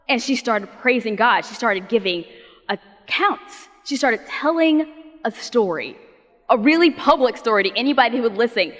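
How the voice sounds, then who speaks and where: A woman pastor preaches in a relaxed, conversational way, telling stories with playful, casual asides. Her voice sits fairly high. The sound carries the long reverb of a church sanctuary. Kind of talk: sermon.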